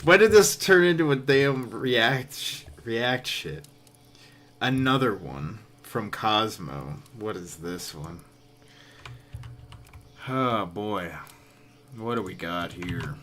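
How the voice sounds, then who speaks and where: A man's voice: on the low side, animated, slow pace, pauses often, fairly bright tone, slight background noise. A man streaming live, giving casual, dry and sarcastic commentary.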